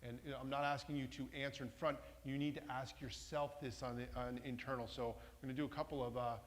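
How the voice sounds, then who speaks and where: A man's voice: medium pitch, flat delivery, quick pace. Man presenting in a reverberant hall. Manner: engaging, asks the audience questions. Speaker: workshop presenter. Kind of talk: interactive talk to a live audience. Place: large meeting room with a masked audience.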